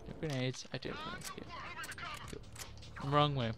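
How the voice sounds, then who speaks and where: A man's voice: medium pitch, animated, moderate pace, long pauses, a bit bright. Rambling young man playing a shooter. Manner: rambling, laughing, swearing. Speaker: gameplay commentator. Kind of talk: casual gameplay commentary. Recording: gunfire and game noise behind.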